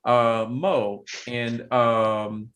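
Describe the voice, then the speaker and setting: A man's voice: mid-range voice, little pitch movement, extremely slow, fairly bright tone. A man voicing a female oni in a tabletop game, speaking in a coaxing, insistent way. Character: pushy female oni, falsely sweet.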